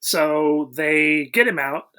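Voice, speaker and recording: A man's voice: on the high side, slow, pushed and bright, a little hiss or hum. Rambling, wry podcast co-host, a man. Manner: rambling, searching for words, wry. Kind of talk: casual movie-review chat.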